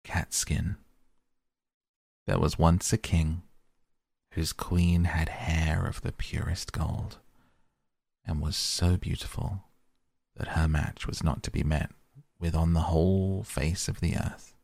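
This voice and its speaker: A man reads old fairy tales aloud at a steady, measured pace. His voice is very deep and husky, with a gravelly fry, recorded close and dry. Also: no room sound. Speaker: narrator. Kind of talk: fairy tale audiobook reading.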